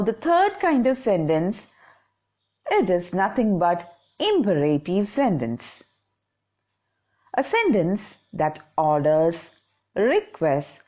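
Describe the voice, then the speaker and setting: A woman's voice: lowish voice, a little mellow, breathy edge. A woman teaching an English grammar lesson, patiently explaining and checking in with her listeners.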